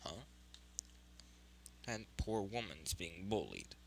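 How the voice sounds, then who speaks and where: A man voicing a calm, powerful young male hero in a fan story, speaking gruffly and softly. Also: deep voice, slow, slight background noise, heavily acted.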